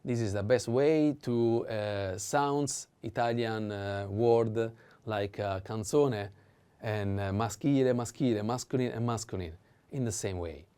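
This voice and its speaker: A man teaching a vocabulary lesson, speaking slowly and carefully with hesitant fillers and repeating each word for learners. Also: on the low side, warm tone, clean tone. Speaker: Italian language teacher. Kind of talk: vocabulary lesson with repetition drills.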